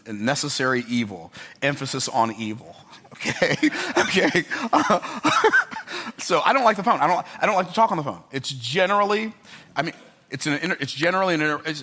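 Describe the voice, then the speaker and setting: Forceful, bright-voiced older male speaker. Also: mid-range voice. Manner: emphatic, repetitive storytelling with rhetorical check-ins. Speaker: motivational speaker. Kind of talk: motivational speech to a live audience.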